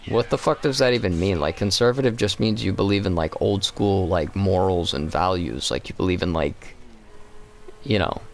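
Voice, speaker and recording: A young man with a lowish voice chats casually on a live game stream. He tells rambling stories and swears often, with an easygoing, meandering delivery. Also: normal speed, slight background noise. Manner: rambling, profane, storytelling. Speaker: streamer co-host. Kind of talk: casual chat while gaming.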